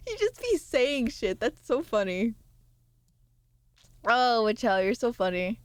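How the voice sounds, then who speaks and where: A woman's voice: on the high side, big pitch swings, slow, long pauses, no room sound. A young adult woman streamer in casual live-stream chat, bantering with viewers, reading their messages aloud, laughing often and swearing freely.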